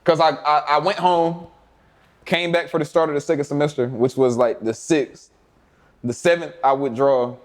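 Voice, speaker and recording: A young man from Alabama, telling animated, profane stories with laughter in a casual interview. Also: fairly high pitch, moderate pace. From Mobile, Alabama. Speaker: interview guest.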